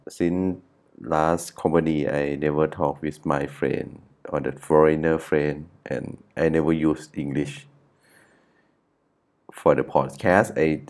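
Slow, deep-voiced Thai-accented man. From Thailand, Chiang Mai. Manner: halting, with frequent restarts and self-corrections. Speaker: podcast host. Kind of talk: solo podcast monologue.

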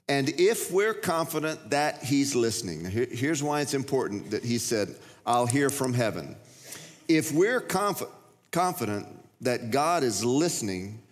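In a large church, a middle-aged pastor delivers a sermon, his ordinary mid-range male voice fading into a long hall reverb. He tells stories, acting out the characters' voices and shouting.

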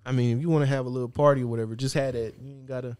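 A man's voice: medium pitch, fairly even intonation, very fast, darkish tone, smooth, dry recording. A man co-hosting a podcast in casual chat, opinionated and slangy, with frequent filler phrases. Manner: opinionated, slangy, keeps saying "you know what I'm saying". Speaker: podcast co-host.

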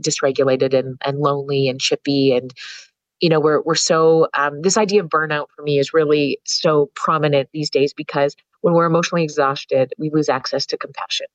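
A woman's voice: deep voice, no room sound, low-quality recording. A woman psychologist telling candid, earthy stories as a podcast guest, swearing freely. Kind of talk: storytelling in a podcast interview.

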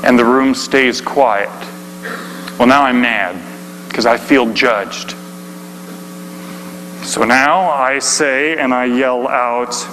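A man preaching a dramatic story sermon, swinging between hushed delivery and shouting. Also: mid-range voice, fairly even intonation, takes it slowly, pauses often. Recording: long hall reverb, faint hum.

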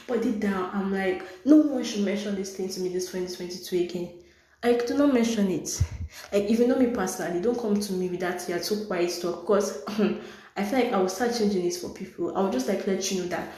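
A woman's voice: mid-range voice, moderate pace, a little mellow. Blunt, sarcastic woman in a roomy space. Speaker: podcast host. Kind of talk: solo podcast chat. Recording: roomy echo.

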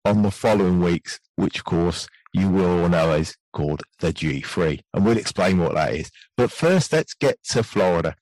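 Gentle British man, low voice. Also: animated, moderate pace, few pauses, dry recording, rough recording. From United Kingdom. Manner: gentle, soft-spoken podcasting voice. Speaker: podcast host. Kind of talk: casual podcast chat.

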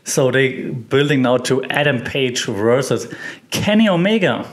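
A man talks through a weekly recap in a relaxed, unscripted way. His voice sits at an ordinary middle pitch. He wanders through his points with frequent fillers and self-corrections. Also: measured pace. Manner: relaxed, rambling, many fillers and restarts. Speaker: host. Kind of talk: casual recap chat.

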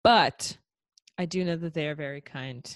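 A woman's voice: low voice, moderate pace, dry recording. A woman hosting a casual interview, asking curious questions and encouraging her guest. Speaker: host.

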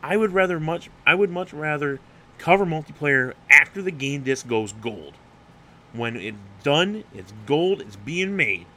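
A man's voice: fairly high pitch, lively intonation, measured pace, pushed and bright. A young man hosting an unscripted solo podcast, rambling and getting hyped, swearing freely and stumbling over restarts. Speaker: podcast host.

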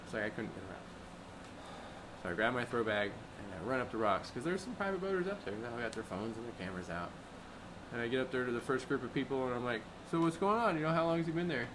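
A man's voice: medium pitch, fast talker. A young man, a river rafting guide, telling stories in casual chat and acting out the people he quotes. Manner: animated, acts out quoted people with raised voice. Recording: noisy background hum.

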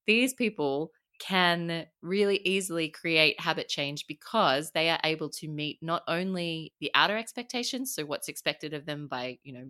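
A woman's voice: low voice, bright, forceful tone. A woman with an Australian accent, a coach, explaining ideas in casual podcast chat and laughing often as she talks.

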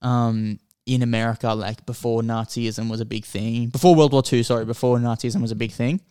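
Man, podcast co-host, casual rambling film chat, smooth clear voice, dry close sound. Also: medium pitch, brisk, no room sound. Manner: rambling, animated storytelling with filler words.

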